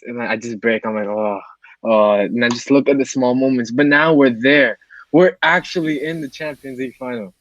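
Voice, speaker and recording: A man joins a live fan stream over a video call and talks in an emotional, rambling way, often repeating himself. His voice sits fairly high for a man. The sound is dry and a little muffled. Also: no echo. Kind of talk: casual video call chat.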